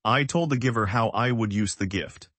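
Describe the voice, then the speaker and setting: A man reading a simple, scripted English lesson and asking learners to repeat after him, in plain, even sentences. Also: fairly low pitch, normal speed, dry recording. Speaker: English teacher.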